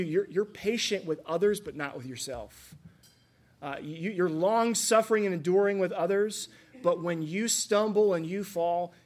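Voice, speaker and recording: A man preaching a sermon, earnest and conversational, with asides and rhetorical questions to the congregation. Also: a little high. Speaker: pastor.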